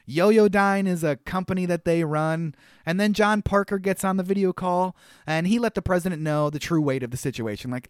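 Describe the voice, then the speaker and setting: A man's voice: sits high, smooth, no echo, clean studio sound. A man co-hosting a casual podcast, recapping a movie with wry asides and frequent laughter. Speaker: podcast co-host.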